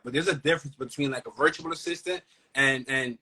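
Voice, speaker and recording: A man's voice: mid-range voice, steady tone, fast, sharp tone, poor audio. A man hosting a casual podcast, talking in slang and hyping up the live chat. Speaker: podcast host.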